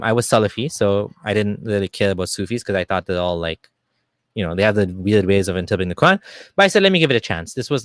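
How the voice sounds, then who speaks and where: Animated, argumentative man talking to camera. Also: on the low side, dry recording. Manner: animated, argumentative, talks with fillers and restarts. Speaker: video creator. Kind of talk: casual monologue to camera.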